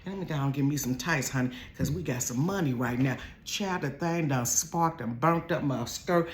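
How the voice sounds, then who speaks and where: Over a little hiss or hum, an Ohio woman with a very deep voice tells a bedroom storytime at a moderate pace. She chats with her viewers as "y'all" and "honey," alternating quiet asides with loud, laughing bursts.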